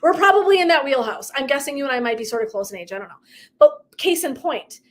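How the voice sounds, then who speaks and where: A woman's voice: high voice, very animated, quick pace. A middle-aged woman coach talking casually and emphatically to her viewers, with asides and tangents. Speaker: purpose and legacy coach. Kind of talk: casual motivational talk to viewers.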